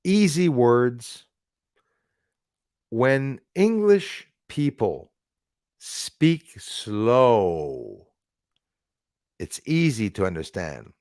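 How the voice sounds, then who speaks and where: A man's voice: medium pitch, sing-song, extremely slow, long pauses, a little mellow, dry recording, studio quality. A man hosting a casual live stream, chatting with viewers by name and swearing casually. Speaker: livestream host.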